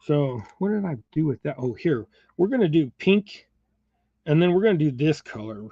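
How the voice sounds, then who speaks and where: At home indoors, a man hosting a fishing channel chats live in a rambling, folksy way while tying jigs, chuckling often. His fairly high voice is very animated, mellow, and slightly rough at a moderate pace, with no echo but a dull, slightly muffled sound.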